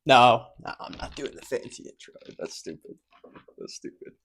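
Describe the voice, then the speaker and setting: A man's voice: medium pitch, expressive, moderate pace, gravelly, fairly bright tone. A man talking casually to camera as a vlogger, rambling and breaking off mid-thought, close to the microphone. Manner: rambling, self-interrupting, offhand.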